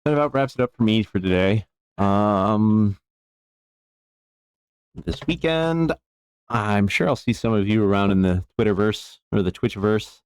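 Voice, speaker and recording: Low, smooth-voiced easygoing man. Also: lively intonation, measured pace, long pauses, no room sound, clean studio sound. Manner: easygoing, rambling with fillers, thanking viewers. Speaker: jeweler streaming bench work. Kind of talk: casual live-stream chat.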